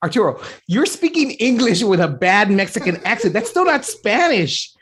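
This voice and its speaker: A man improvising a comedy scene as a store manager, talking in a halting way full of fillers. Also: sits high, big pitch swings, crowd noise. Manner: hesitant, filler-heavy boss talk.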